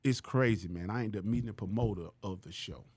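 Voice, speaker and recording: A man's voice: lowish voice, fast, breathy edge, no room sound. A man from Louisiana, a comedian guest telling stories in casual slang and acting out the people in them. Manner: animated, slangy, acts out the people he quotes. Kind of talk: casual storytelling on a podcast.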